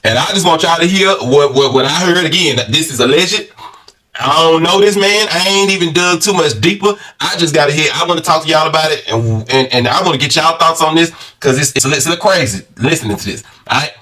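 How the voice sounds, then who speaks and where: Reaction host, man, playful and joking, higher voice, set back from the mic. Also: a little fast, recorded from a distance. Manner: loud, joking, playful gossip with slang. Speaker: commentary channel host. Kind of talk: casual reaction commentary.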